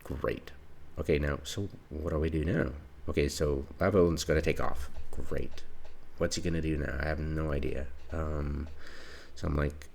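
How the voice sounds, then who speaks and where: A man's voice: extremely low pitch, steady tone, moderate pace, vocal fry, darkish tone, a little hiss or hum. A man giving casual commentary on his own gameplay, exasperated and retelling his reactions as he goes.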